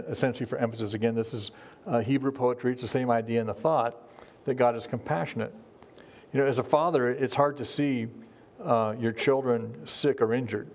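A man's voice: mid-range voice, a little mellow. A middle-aged man preaching a sermon to his congregation in an earnest, conversational way, often restarting his sentences. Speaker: pastor.

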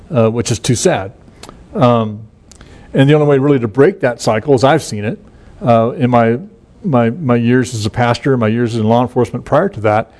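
A middle-aged man, a pastor, walks listeners through a passage of scripture in a loose, conversational way. He often stops and restarts his sentences and leans on fillers, then slows into a steadier cadence when he reads the verses aloud. His voice sits at an ordinary male pitch. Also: a little mellow. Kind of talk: informal Bible teaching.

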